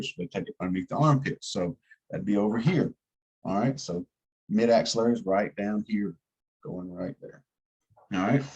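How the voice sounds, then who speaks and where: A man's voice: fairly low pitch, husky, poor audio. A man with a slight Southern US twang teaching an EMT class in a casual, folksy way, asking his students to follow along. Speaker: EMT instructor.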